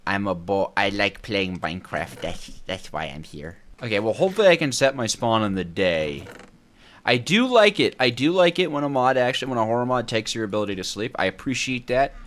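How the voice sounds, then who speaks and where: Animated man rambling over gameplay. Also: fairly low pitch, a little fast, a little hiss or hum. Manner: animated, rambling, talks to himself. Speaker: gameplay YouTuber. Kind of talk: casual gameplay commentary.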